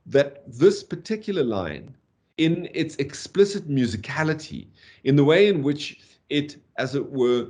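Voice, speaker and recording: A man giving a university lecture on poetry, animated, tapping out rhythms aloud and saying "okay" often. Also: medium pitch. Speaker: literature lecturer.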